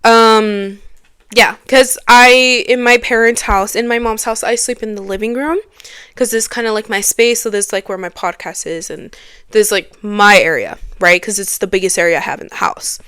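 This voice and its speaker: A woman's voice: medium pitch, steady tone, normal speed, a bit bright, clean tone, dry recording, studio quality. A young woman hosting a casual podcast from her living room, chatty and laughing often. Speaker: podcast host. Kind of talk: casual chat.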